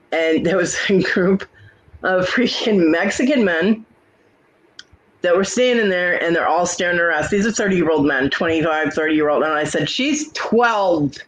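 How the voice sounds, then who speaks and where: A woman's voice: on the low side, poor audio. A woman host in casual chat, bluntly telling salty family stories with a laugh.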